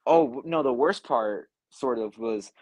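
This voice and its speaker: This young man's mid-range voice moves at a measured pace, with no echo in the recording. A music producer, he's at home in a live online interview on a video call, casually retelling a story, acting out quotes and saying "like" a lot.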